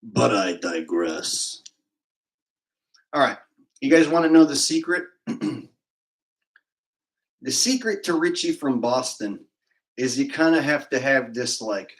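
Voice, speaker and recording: A man's voice: medium pitch, low-quality recording. A man hosting a livestream, rambling and cracking crude jokes as he reads out donations. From California. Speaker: livestream host reading donations. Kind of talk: casual livestream banter.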